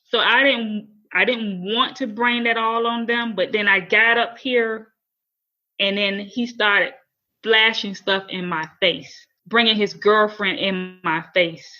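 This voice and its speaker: A woman's voice: mid-range voice, steady tone, takes it slowly, bright, forceful tone, lo-fi sound. A woman guest on a podcast telling a personal story candidly and earnestly, often repeating and restarting phrases.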